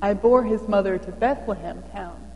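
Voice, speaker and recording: A woman's voice: medium pitch, normal speed, warm tone, long reverb tail, muffled recording, lightly acted. A woman reading as a humble shaggy donkey in a storybook. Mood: proud.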